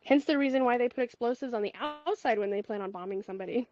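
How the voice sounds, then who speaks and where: A woman's voice: on the high side, fast talker, a little mellow. A woman chatting bluntly on a group call, laughing as she tells stories. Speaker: call participant. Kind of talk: casual chat. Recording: dry, dull call audio.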